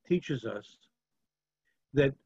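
A man's voice: medium pitch, lively intonation, extremely slow, creaky, mellow, breathy edge, lo-fi sound. A man teaching a Torah class, sprinkling Hebrew terms into English and asking rhetorical "right?" checks while telling stories. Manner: rhetorical, asks "right?" and "okay?". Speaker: religious teacher. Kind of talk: Torah class lecture with storytelling.

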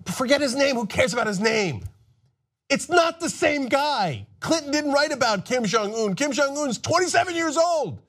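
Man, political commentary host, mocking, sarcastic, lively high voice. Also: moderate pace.

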